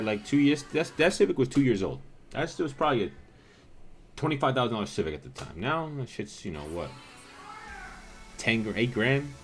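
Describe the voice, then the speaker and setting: A man in his thirties, recording a casual reaction vlog outdoors. He swears a lot and swings between frustration and hype as he reacts to old footage. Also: on the low side. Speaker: car show organizer reacting to old footage.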